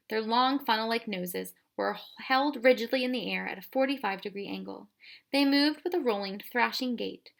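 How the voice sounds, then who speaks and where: A woman reading a children's storybook aloud in a soft, even voice. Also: fairly high pitch, creaky. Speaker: audiobook reader. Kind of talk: storybook narration.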